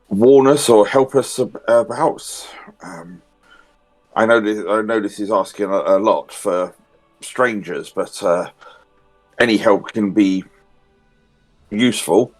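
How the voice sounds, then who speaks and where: Tabletop player, male, low and slow, polite and halting; faint music underneath. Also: low-quality recording. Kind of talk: in-character tabletop play.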